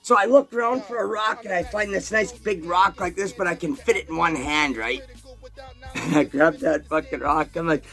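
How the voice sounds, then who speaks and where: Brief: male storyteller, fairly high voice, crude and animated, swears a lot, faint music underneath. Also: normal speed. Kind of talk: profane personal storytelling.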